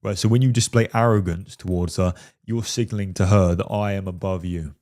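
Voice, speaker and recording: A male dating coach commenting on a film clip in a low, mellow voice. He talks emphatically, hammering each point home and checking in with "right?" again and again. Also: fairly even intonation, brisk. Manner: emphatic, keeps asking "right?".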